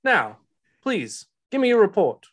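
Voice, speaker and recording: A man playing an older police chief who talks with a put-on Southern drawl, gruff and fatherly. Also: high-pitched, wildly swooping pitch, measured pace, a bit bright, pitched above the performer's own voice, heavily acted. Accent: American Southern (put on).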